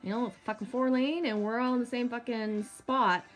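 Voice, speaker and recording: A woman's voice: a little high, fairly even intonation, moderate pace, soft background music. A woman in her thirties telling a long personal story in a chatty vlog, swearing freely and using many fillers. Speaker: vlogger. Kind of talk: casual storytelling monologue.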